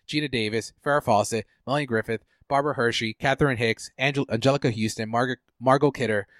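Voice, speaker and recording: A man hosting a podcast in casual chat, relaxed and rambling, with lots of fillers. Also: medium pitch, dry recording, clean studio sound. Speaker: podcast host.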